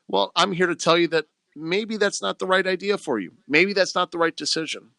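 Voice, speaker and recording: A man's voice: high-pitched, fairly quick, gravelly, hardly any pauses, pushed and bright, dry recording. A man, a real estate agent talking emphatically on a radio talk show into a close studio mic. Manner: emphatic, plain-spoken sales talk.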